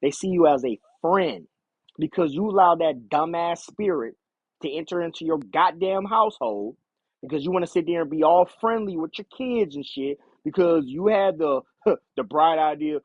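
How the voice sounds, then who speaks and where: A man's voice: a little high, lively intonation, moderate pace, dry recording, highs cut off. A man in a blunt, profane, heated rant, lecturing and repeating himself. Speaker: commentator.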